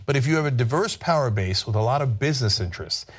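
A man's voice: mid-range voice, expressive, fast, husky. A man hosting political commentary, combative and sarcastic in a heated way. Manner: combative and sarcastic, mocking voices.

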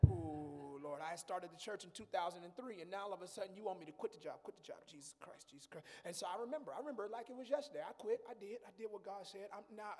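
A man preaching a sermon as pastor, building to shouts and talking straight to the congregation. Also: high voice, lively intonation, fast, vocal fry, few pauses, long reverb tail. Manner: preaching with rising shouts and call-and-response asides.

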